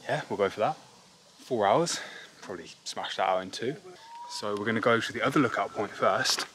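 A man's voice: fairly low pitch, a little fast, a bit bright. A man co-hosting a casual travel vlog on a forest hiking trail, chatty and upbeat, tripping over place names. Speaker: travel vlogger co-host. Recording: noisy outdoor recording.

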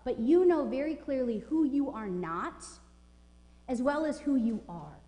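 In a spacious church sanctuary, a woman pastor in her forties gives a sermon full of emphatic, informal conviction, her words trailing in a long reverb. Her voice is high with a dark tone, lively intonation and an unhurried pace.

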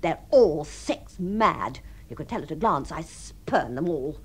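An actress in a radio drama playing a refined, lonely woman who imagines she is about to marry, her voice moving between breathy tenderness and giddy excitement. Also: low-pitched, unhurried, full character voice. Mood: dreamy, coy. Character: deluded lonely upper-class spinster dreaming of marriage. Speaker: the Princess.

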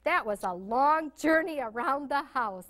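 A woman reading a picture story aloud to young children, animated and full of questions to her listeners. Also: high-pitched, a little slow, a little hiss or hum. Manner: animated, asks children questions, gasps for suspense.

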